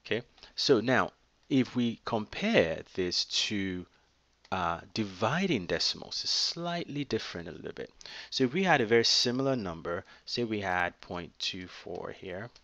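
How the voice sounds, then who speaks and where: A man's voice: fairly low pitch, expressive, unhurried, a bit bright, no echo, lo-fi sound. A man teaching math step by step in a test prep tutorial, patient and explanatory, with frequent fillers.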